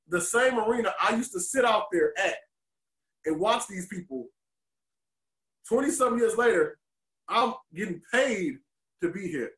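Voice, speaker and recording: A man from Detroit, a podcast co-host and former wrestler, telling candid stories in an animated, emotional way. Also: high voice, measured pace, reverberant. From Detroit, USA. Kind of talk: candid storytelling interview.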